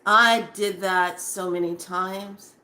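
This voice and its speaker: A woman talks straight to her viewers in a casual spiritual monologue, her voice bright and clear at a middle pitch. She is animated, and she slips into acted-out snippets of her own past reactions. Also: takes it slowly. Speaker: spiritual speaker.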